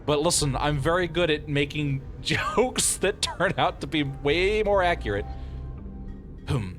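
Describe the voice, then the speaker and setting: A male streamer giving live game commentary, playful and quick to laugh, with lots of exclamations. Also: fairly high pitch, expressive, a bit bright, faint music behind.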